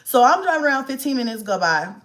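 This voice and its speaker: A woman, casually telling a storytime vlog about her child. She talks in an animated, exasperated way, swears freely and acts out the dialogue. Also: high voice, fast. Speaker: vlogger, mother.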